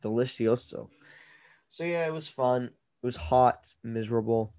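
A man hosting a casual podcast from his own mic on a video call, his voice sitting at an ordinary middle pitch. He talks loosely and playfully, quick to tease and bicker with his co-host. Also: darkish tone.

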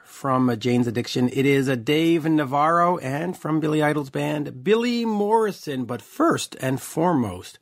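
A man hosting a rock talk show in a loose, chatty way, stumbling through fillers and restarts. His voice sits a little high for a man. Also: expressive, unhurried, hardly any pauses. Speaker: podcast host. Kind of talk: casual interview chat.

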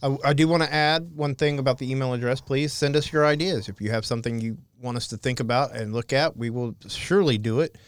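A man co-hosting a comedy podcast, agreeing along and adding deadpan asides. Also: medium pitch, quick pace, hardly any pauses, smooth, no room sound. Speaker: podcast co-host. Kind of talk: crude comedy podcast chat.

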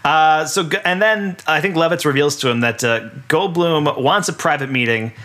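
A man's voice: on the high side, normal speed, pushed and bright. A man casually recapping a film on a podcast, rambling and laughing often. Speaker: podcast co-host. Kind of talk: casual movie recap chat.

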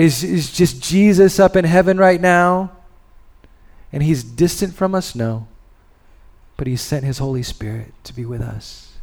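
A man preaching a sermon and leading a prayer, speaking with long pauses and letting phrases fall soft and low. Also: gravelly. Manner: slow, deliberate delivery with long pauses and soft endings; rises in intensity on key words, then drops low. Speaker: pastor.

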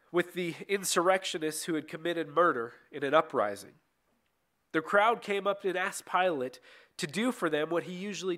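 Man reading scripture aloud, slightly high voice. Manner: steady reading with occasional slips and restarts. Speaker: scripture reader. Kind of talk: reading a bible passage aloud.

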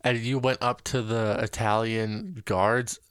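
A man's voice: lowish voice, fairly even intonation, slow pace, clean tone, no room sound, studio quality. A young man telling stories on a podcast, laughing often and filling his talk with "like". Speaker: podcast co-host. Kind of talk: casual storytelling chat.

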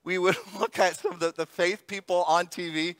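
A middle-aged male pastor preaching an animated sermon, laughing often and acting out the voices in his stories. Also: high voice, moderate pace, no room sound.

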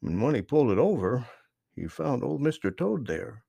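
A man narrating a children's book aloud, with expressive storytelling and lively emphasis. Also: medium pitch, normal speed, vocal fry, breathy edge, dry recording.

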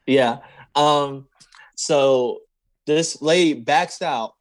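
Young guy on a podcast telling a story all animated, doing the voices, dry sound. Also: fairly high pitch, drawn-out words, dry recording. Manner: animated, acts out quoted voices. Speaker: podcast co-host. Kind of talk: casual storytelling chat.

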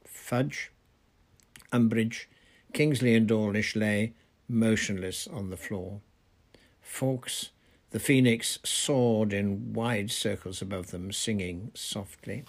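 A man reading a novel aloud in steady, deliberate narration. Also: on the low side, gravelly. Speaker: reader. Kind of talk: audiobook narration.

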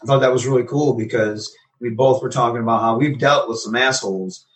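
A man's voice: mid-range voice, fairly quick, distant mic, low-quality recording. A man, a professional wrestler, casually telling stories in an interview and animatedly acting out the conversations he recounts. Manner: animated, acts out quoted exchanges.

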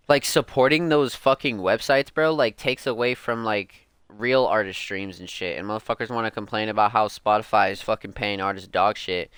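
A man's voice: fairly low pitch, fairly bright tone, clean tone, dry recording, clean studio sound. A young man hosting a music podcast, ranting casually and heatedly, swearing a lot and filling his talk with "like" and "bro". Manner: profane, heated, slangy, lots of "like" and "bro". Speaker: podcast host. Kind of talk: casual rant.

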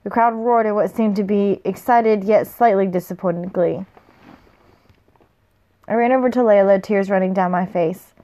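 A woman reads a first-person novel aloud in a casual, unpolished way, at a medium pitch. She stumbles on a word now and then and goes back to fix it. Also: normal speed, warm tone. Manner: plain reading, with slips and self-corrections. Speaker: reader.

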